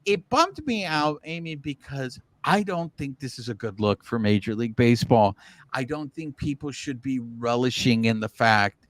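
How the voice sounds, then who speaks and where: A man's voice: medium pitch, normal speed, no echo. Chatty man on a dry mic. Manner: animated, rambling with restarts. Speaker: podcast co-host. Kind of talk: casual sports chat.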